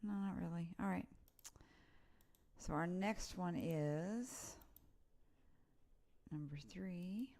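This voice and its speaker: A woman with a low voice and a gravelly edge hosts an informal live weather update. She talks through storm warnings in a relaxed, chatty way, reading out place names as she goes. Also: slow pace, pauses often. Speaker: weather presenter.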